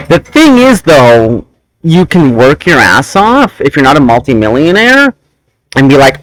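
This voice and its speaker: Animated man telling a long story. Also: medium pitch, a little slow, no room sound, rough recording. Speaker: host. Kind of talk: casual chat.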